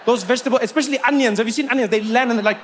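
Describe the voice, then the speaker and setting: South African male stand-up: high voice, animated, punchy repetition. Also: rapid-fire, noisy background. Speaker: stand-up comedian. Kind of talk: stand-up comedy set.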